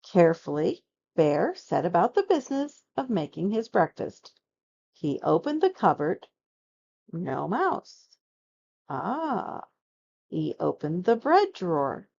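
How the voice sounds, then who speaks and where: Lady reading a kids' storybook, slow and super lively, dull lo-fi sound. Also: fairly low pitch, vocal fry. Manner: expressive, dramatic storytelling. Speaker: storybook narrator. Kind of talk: children's storybook read-aloud.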